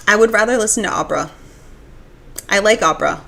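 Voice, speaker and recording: A woman's voice: medium pitch, brisk, gravelly, pauses often, bright, forceful tone. A young woman streaming live, chatting casually and reading out viewer comments, rambling with lots of restarts and filler words. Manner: rambling, restarts, many "like"s, reads chat comments aloud.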